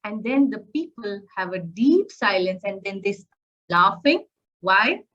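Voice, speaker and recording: A woman gives a conversational lecture, posing rhetorical questions and saying "you know" often. Her voice sits at a middle pitch. The recording is slightly dull and lo-fi. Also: lively intonation, a little slow, fairly bright tone. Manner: conversational teaching with rhetorical questions, frequent fillers. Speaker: public speaking instructor.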